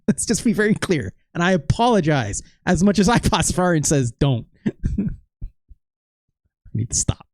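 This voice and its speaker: A man's voice: high-pitched, very animated, moderate pace, long pauses, a little mellow, no room sound. A man hosting a let's play, chatting casually and rambling with jokes and laughter over gameplay. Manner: rambling, joking, laughs often.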